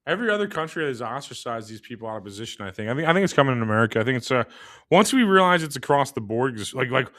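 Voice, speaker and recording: A man's voice: mid-range voice, big pitch swings, very fast, a bit bright, no echo, studio quality. A man hosting a podcast in casual chat, rambling and repeating words as he thinks, laughing often. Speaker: podcast host.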